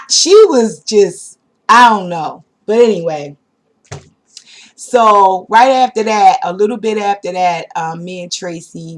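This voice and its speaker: Animated woman telling a storytime. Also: on the low side. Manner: animated, slangy, speaks directly to viewers. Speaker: vlogger. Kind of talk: casual storytime.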